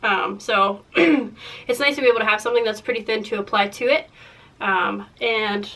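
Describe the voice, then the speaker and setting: A young woman getting over a cold, chatting casually to camera about makeup, rambling and self-deprecating, clearing her throat often. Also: mid-range voice, steady tone, normal speed, bright, forceful tone, distant mic, poor audio. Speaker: beauty vlogger. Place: room in a house.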